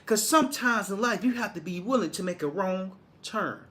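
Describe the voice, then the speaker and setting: A man's voice: high voice, expressive, moderate pace, bright, forceful tone. A man from Arkansas, giving a motivational monologue in a preachy, repetitive way with many restarts. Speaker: motivational speaker.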